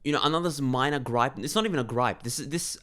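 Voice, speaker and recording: Brief: male vlogger, quick-fire delivery, loose conversational movie review with many false starts. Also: mid-range voice, fairly bright tone. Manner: fast, rambling, with frequent restarts. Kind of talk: casual spoken movie review.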